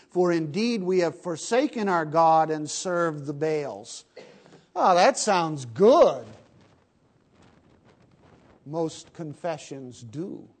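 A man preaching a sermon, swinging between hushed lines and loud, emphatic bursts. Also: high-pitched.

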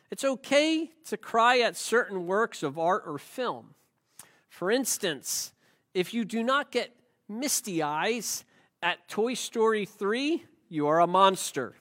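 Man preaching, high voice, middle-aged, chatty and joking, restarts a lot. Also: a bit bright. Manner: conversational and joking, with frequent restarts. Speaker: pastor. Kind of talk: sermon.

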